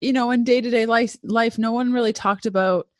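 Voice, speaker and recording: A woman's voice: fairly high pitch, fairly even intonation, fairly quick, no echo, studio quality. A woman podcast host asking her guest a question, sharing a bit of her own background first. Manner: conversational, sharing before asking. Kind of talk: interview question.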